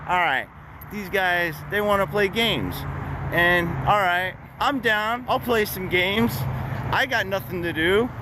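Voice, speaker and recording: Man vlogger, casual street monologue, blunt and profane, a touch high, light traffic noise. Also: takes it slowly. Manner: blunt, profane street talk with wry laughs.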